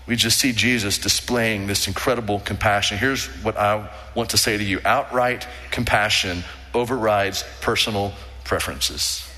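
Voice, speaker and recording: A pastor delivers an earnest, emphatic sermon, his bright, forceful voice ringing through a big sanctuary with long reverb. He slows down and drops low to stress key words. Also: steady tone. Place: large church sanctuary.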